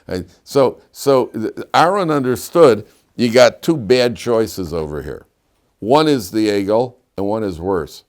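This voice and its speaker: A middle-aged rabbi giving a lively classroom lecture, telling stories and quizzing his students. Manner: animated storyteller, swings between loud emphatic peaks and low asides, quizzes students.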